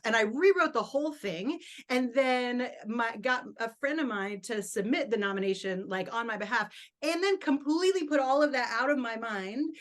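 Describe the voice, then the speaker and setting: Animated woman telling a story on a panel. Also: on the high side, normal speed. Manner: lively, acts out her own reactions in quotes, laughs. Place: conference room.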